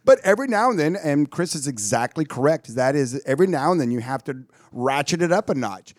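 A man's voice: mid-range voice, fairly quick, dry recording, clean studio sound. A man co-hosting a business radio show, chatting casually and playfully, sometimes sing-song when joking.

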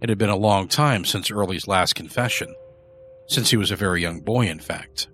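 Low-voiced male horror storyteller. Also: moderate pace, fairly bright tone, soft background music. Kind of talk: scripted horror narration.

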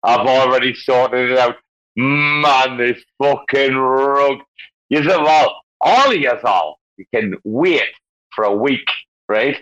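A boisterous man who rambles and swears his way through loose banter, his pitch jumping all over the place. His voice comes through a muffled, lo-fi online call line. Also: takes it slowly, fairly bright tone. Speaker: guest speaker in a crypto audio space. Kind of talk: rowdy casual banter.

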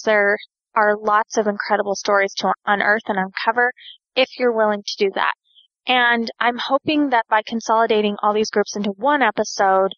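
A woman's voice: mid-range voice, a bit bright, dry recording, lo-fi sound. A woman hosting her own podcast, talking in a candid, self-deprecating, conversational way and sounding a bit tired. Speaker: podcast host. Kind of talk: casual solo podcast monologue.

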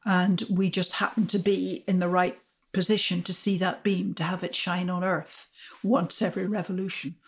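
A woman's voice: fairly low pitch, level tone. Older woman telling a science story. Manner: measured, explanatory storytelling. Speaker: astrophysicist guest. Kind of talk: storytelling interview answers.

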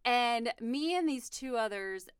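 A woman hosting a podcast, telling stories in a lively, chatty way with many fillers. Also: on the high side, measured pace, clear, resonant tone, no echo, clean studio sound. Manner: animated storyteller, many fillers. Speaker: podcast host. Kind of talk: casual chat.

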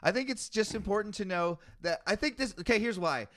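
A man's voice: sits high, animated, brisk, fairly bright tone, no room sound, studio quality. A man co-hosting a podcast, reading scripture aloud in casual chat and growing exasperated at long lists of names, swearing as he goes.

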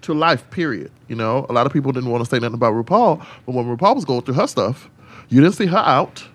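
A man who is a drag queen, talking frankly and sassily on a podcast and telling animated stories. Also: quick pace. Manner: animated storyteller, swings into high mimicking voices and whispers; sassy, frank, swears freely. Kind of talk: casual podcast chat.

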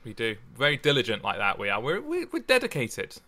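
Man, podcast co-host, animated pitch, bright tone, casual chat and poetry reading. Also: fairly quick. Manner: giggly, self-deprecating, animated. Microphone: headphones and studio microphone.

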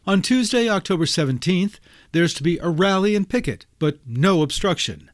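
A man reading a scripted local history segment in a measured, factual way. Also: high-pitched, lively intonation, no room sound, clean studio sound. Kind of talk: scripted narration.

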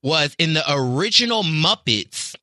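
A man with a Southern accent, a podcast guest in lively casual chat, theatrical and quick to laugh. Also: fairly high pitch, no echo.

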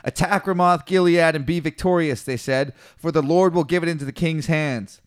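A man with a slightly high voice reads a scripture story aloud in a loose, chatty way. He breaks off into slangy, profane retellings and mimics the characters as he goes. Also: normal speed. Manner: animated, swears, mimics biblical figures in slangy voices. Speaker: podcast co-host reading scripture. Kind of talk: casual irreverent chat reading aloud.

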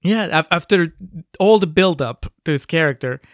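A man hosts a casual movie-review podcast in a fairly high voice. He speaks hesitantly, restarting phrases as he goes. The sound is dry and close. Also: expressive, normal speed, no echo. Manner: hesitant, frequent uh and restarts, laughs often. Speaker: podcast host.

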